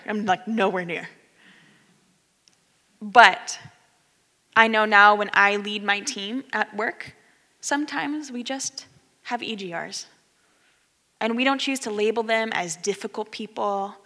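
A woman in her thirties tells a story in a lively, conversational sermon. Her voice is bright and fairly high. She acts out the people she quotes, and the sound rings with a long hall reverb. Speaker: speaker giving a talk.

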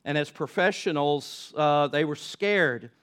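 A man's voice: a little high, measured pace, fairly bright tone, clean tone. A man preaching a sermon, conversational and rising into impassioned pleas. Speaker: pastor.

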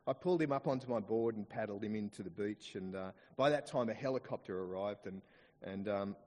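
An Australian man preaching a sermon in church, slowing down to dwell on quoted scripture. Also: fairly low pitch, in a large hall. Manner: expressive preaching, slows down to stress quoted scripture. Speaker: pastor.

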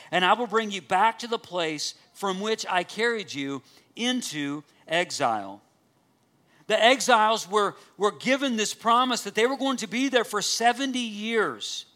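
Male pastor mid-sermon; bright, ringing tone; emphatic, repeats lines for weight. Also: high-pitched. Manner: preaching with earnest emphasis, repeating key phrases; asks the congregation direct questions.

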